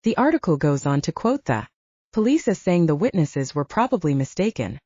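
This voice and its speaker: Brief: a brisk, opinionated young woman for an audiobook read by a woman, lively pitch, mellow and muffled. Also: husky, no echo, exaggerated voice. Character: outspoken young woman journalism intern.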